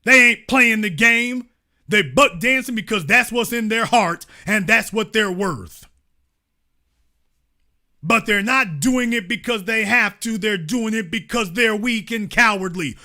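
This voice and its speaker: A man's voice: high voice, a little slow, pushed and bright. A man hosting a commentary show, reading an article aloud and reacting to it in a preachy, fired-up way.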